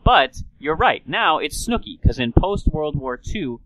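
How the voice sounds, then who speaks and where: A man's voice: on the high side, sing-song, a little slow, fairly bright tone, no room sound, rough recording. A man hosting a talk, explaining speech science in a playful, chatty way. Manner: playful, slips into an old-timey radio announcer voice.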